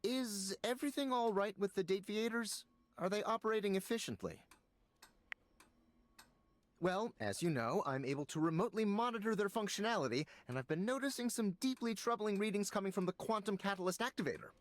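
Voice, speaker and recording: An urgent, worried tech scientist. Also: male voice, sits high, expressive, fairly quick, slight background noise. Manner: urgent, explanatory. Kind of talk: video game character dialogue.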